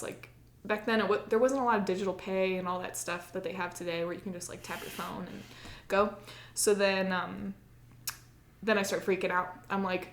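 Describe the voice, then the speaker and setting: Chatting on a podcast, an American co-host recounts something that happened to her, sprinkling in lots of "like" and replaying what she said back then. She talks fairly quickly at medium pitch with fairly even intonation, and the room echoes.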